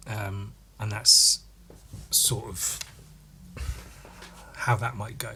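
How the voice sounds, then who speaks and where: Man, podcast host, slow rambling talk, repeats words, bright husky voice. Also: mid-range voice, fairly even intonation. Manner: meandering, stumbling, repeats words. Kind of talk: rambling solo comedy podcast.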